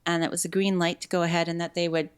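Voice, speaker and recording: Animated woman guest, candid talk. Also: fairly low pitch, clear, resonant tone. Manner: animated, fast restarts, acts out quoted speech. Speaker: podcast guest.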